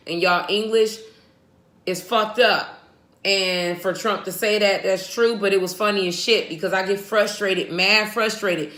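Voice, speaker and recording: An American woman vlogger giving blunt, profane, animated commentary to her viewers. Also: medium pitch. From United States. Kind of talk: ranting commentary. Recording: echoey room.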